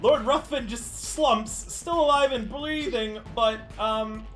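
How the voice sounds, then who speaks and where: A woman's voice: on the high side, takes it slowly, fairly bright tone, faint music behind. A woman running a tabletop role-playing game as game master, narrating the action in a loose, playful way and laughing often.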